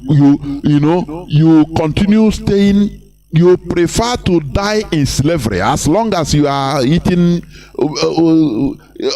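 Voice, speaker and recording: A man's voice: a little high, darkish tone. Nigerian man preaching a live broadcast. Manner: preachy, repetitive, rhetorical questions, mimicking others. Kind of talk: impassioned live broadcast commentary.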